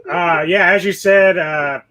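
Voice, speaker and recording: Casting: slightly higher-pitched man, easygoing host of a movie chat. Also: measured pace, poor audio. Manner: relaxed, filler-heavy, laughs easily. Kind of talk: casual movie review chat.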